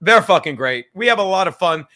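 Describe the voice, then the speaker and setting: High bright rambling profane male host. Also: lively intonation, brisk. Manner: rambling, profane, laughs a lot, drinking on air. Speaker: podcast host. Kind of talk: casual profane chat.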